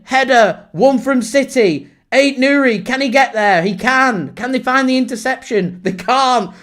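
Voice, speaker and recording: A man giving live watchalong commentary on a football match for his fan channel, calm one moment and shouting the next. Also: extremely high pitch. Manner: excitable, shouts and laughs in disbelief at big moments.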